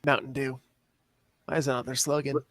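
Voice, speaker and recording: A man's voice: mid-range voice, little pitch movement, brisk, a bit bright, no echo. A man co-hosting a podcast, sarcastic and swearing freely in casual chat. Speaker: podcast co-host.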